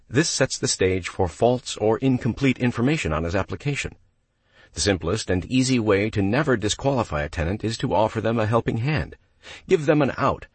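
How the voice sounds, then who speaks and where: A man's voice: on the low side, breathy edge, no room sound. A man, a property manager, giving step-by-step instructional narration and acting out phone calls with an applicant. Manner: coaching, step-by-step explanations.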